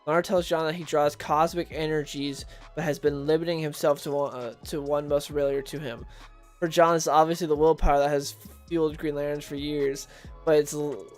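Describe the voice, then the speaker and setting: A man's voice: a little high, a little mellow. A man hosting a casual livestream about comics, chatting with viewers and reading recaps aloud. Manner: chatty, reads chat and recaps aloud, laughs at own jokes.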